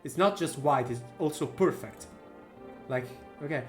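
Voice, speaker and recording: A man's voice: mid-range voice, a little slow, music in the background. A man playing a horror game, muttering casual asides and joking at himself. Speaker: gaming streamer. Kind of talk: let's-play commentary.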